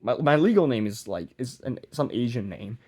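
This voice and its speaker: At a normal speed, a young vlogger with a medium-pitched, slightly mellow voice and lively intonation chats to camera during a project. His rambling is mumbly and self-deprecating, with frequent trailing off and fresh starts.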